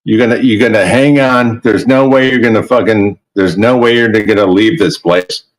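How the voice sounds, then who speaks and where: A man chatting on a video call, excitable and stammering, swearing a lot. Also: on the low side, normal speed, low-quality recording. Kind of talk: casual chat.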